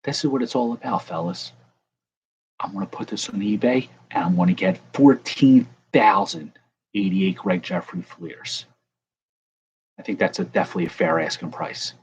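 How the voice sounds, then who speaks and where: A man's voice: on the low side, lively intonation, normal speed, a little hiss or hum. Jokey man opening baseball cards. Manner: jokey, rambling, talks to viewers. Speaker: card-breaking vlogger. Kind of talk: casual card-opening commentary. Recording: dull lo-fi sound, faint ambience.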